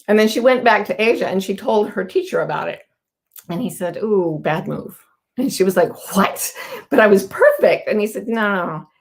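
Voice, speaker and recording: A middle-aged woman hosting a casual live talk, telling stories earnestly and acting out quoted people. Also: mid-range voice. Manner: warm, earnest, storytelling with quoted voices. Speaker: host.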